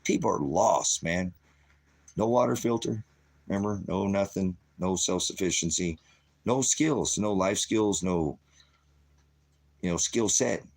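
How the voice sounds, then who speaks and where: Low-voiced profane man ranting. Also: unhurried, long pauses, a little mellow. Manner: profane, combative, rambling. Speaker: channel host. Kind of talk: ranting monologue to viewers.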